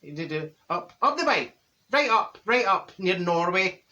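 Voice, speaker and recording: A brash, gossipy middle-aged Glasgow woman, played by a man with a Glaswegian Scottish accent, swooping through a lively, animated pitch. Her voice is bright and sharp as she spins theatrical comic tales to camera, breaking into laughs. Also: unhurried, lo-fi sound, full character voice. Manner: gossipy, exaggerated, bursts of laughter, theatrical outbursts. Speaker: comedy character monologue. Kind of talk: comic character monologue to camera.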